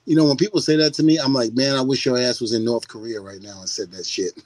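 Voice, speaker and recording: An older man chats as a podcast guest, animated and quick to laugh, swearing as he goes. His voice sits at a middle pitch. The sound is dry and close. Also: no room sound. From United States. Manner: animated storyteller who laughs often and swears freely. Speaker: guest, former wrestler. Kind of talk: casual podcast chat.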